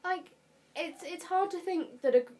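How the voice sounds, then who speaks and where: A woman chatting enthusiastically as a podcast co-host, with quick quips. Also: very high-pitched, a little mellow. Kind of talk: casual chat.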